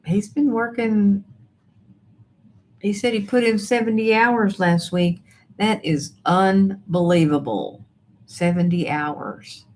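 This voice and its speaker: Slow-paced and mid-range, with a darkish tone, a woman runs a relaxed livestream from her home. She reads viewer messages and greets people by name; there's faint noise in the background.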